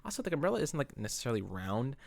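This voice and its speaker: A man's voice: mid-range voice, very animated, racing, gravelly. A man casually talking through his own drawing in a rambling, laid-back, self-deprecating way, a bit out of breath. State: slightly out of breath. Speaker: artist vlogger. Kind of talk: casual commentary over drawing.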